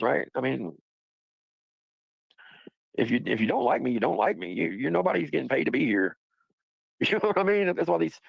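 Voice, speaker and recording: A man's voice: mid-range voice, vocal fry, slightly rough, no echo, low-quality recording. A man hosting a livestream, talking in a rambling, profane, casual way and laughing often. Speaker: livestream host.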